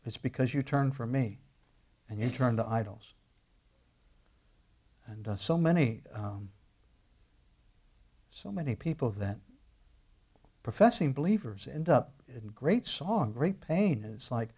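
A man's voice: medium pitch, animated, measured pace, pauses often, darkish tone, husky. Conversational man preaching a sermon. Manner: conversational, with bursts of emphasis and many restarts. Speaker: pastor.

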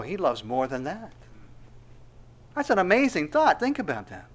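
A middle-aged man preaching an expository sermon, rising to loud emphatic peaks and falling to soft asides. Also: high-pitched, sing-song, moderate pace. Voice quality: laughs softly between points. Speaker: pastor.

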